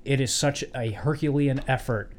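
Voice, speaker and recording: A man's voice: medium pitch, normal speed. A man co-hosting a casual podcast chat, wry and joking, swearing casually. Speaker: podcast co-host.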